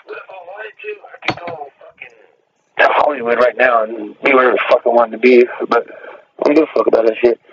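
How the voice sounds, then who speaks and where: A man's voice: medium pitch, big pitch swings, a little fast, fairly bright tone, breathy edge. A man talking in a casual chat, boastful and profane, rambling with many fillers. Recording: distant, dull lo-fi mic with faint noise.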